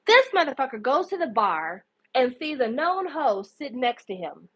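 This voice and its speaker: A woman with a high-pitched, slightly rough voice hosts a podcast at a moderate pace, though the recording quality is low. She recaps a show in casual, profane storytelling, swearing freely and indignantly acting out the characters' lines in an animated way.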